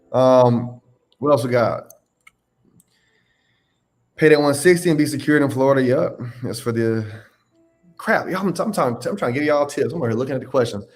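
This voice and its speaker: A man hosting a live question-and-answer stream, giving blunt, emphatic advice and scolding his viewers. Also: medium pitch. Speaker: host answering live questions on insurance adjusting.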